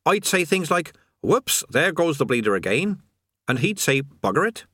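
A sullen male demon from hell, gossipy and indignant, chattering fast in a raised, lively voice, as a man puts him on. The reading is dry and close, with no room sound. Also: on the high side, breathy edge, no echo, voice pushed up, heavily acted. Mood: sullen nostalgic.

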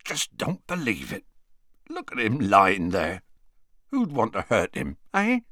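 A man voicing a huge, anxious gamekeeper who talks in a hoarse growl. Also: on the low side, huge pitch swings, slow, a bit bright, no echo, studio quality, heavily acted. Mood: distressed. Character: huge gruff male half-giant gamekeeper, anxious.

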